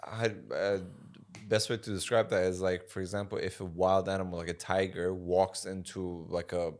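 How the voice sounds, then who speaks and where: A man on a podcast in casual chat, speaking haltingly and searching for his words. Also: deep voice, level tone, darkish tone. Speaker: podcast co-host.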